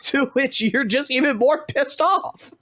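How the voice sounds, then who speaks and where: A man's voice: very high-pitched, measured pace, a bit bright, no echo, studio quality. A man streaming games, ranting heatedly in casual commentary and swearing constantly. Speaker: gaming streamer.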